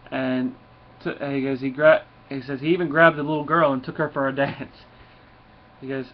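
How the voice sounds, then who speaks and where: A man's voice: mid-range voice, level tone, moderate pace. A man casually recapping a comic book, rambling with restarts and chuckles. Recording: dull lo-fi with faint noise.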